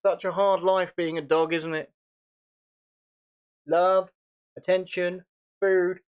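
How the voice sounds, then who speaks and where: A man's voice: sits high, flat delivery, slow, clean tone, lo-fi sound. A British man hosting a casual livestream chat, chatty and rambling, and laughing often. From United Kingdom. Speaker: channel host.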